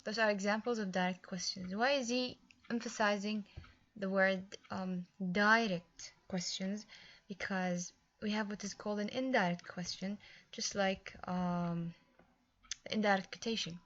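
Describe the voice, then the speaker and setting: A woman's voice: medium pitch, fairly even intonation, measured pace, fairly bright tone, lo-fi sound. A woman teaching a recorded English grammar lesson, explaining patiently step by step with small fillers.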